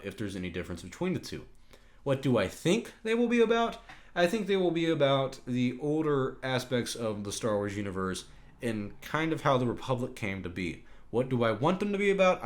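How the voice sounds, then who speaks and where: Brief: male podcast host, mid-range voice, blunt and opinionated, casual solo Q&A delivery. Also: medium pitch. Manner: opinionated, swears when ranting. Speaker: podcast host answering viewer questions.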